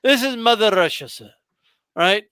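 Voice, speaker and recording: A man's voice: high-pitched, lively intonation, moderate pace, sharp tone, clear, resonant tone, no echo, clean studio sound, pitched below the performer's own voice. A man voicing a stern male hotel clerk who brushes off complaints in a mock foreign accent, stiff and formal.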